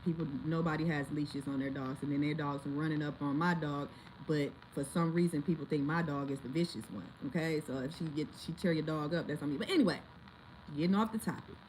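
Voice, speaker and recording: Woman vlogger, animated storyteller with dramatic outbursts, faint noise behind. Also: deep voice, a little fast, rough recording. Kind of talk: casual storytelling to viewers.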